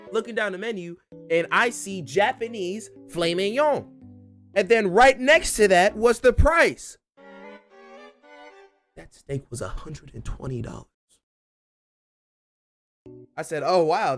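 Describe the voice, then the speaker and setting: A male streamer whose voice sits high tells a story animatedly to his audience. Excitable, he bursts into laughing outbursts and repeats lines for emphasis.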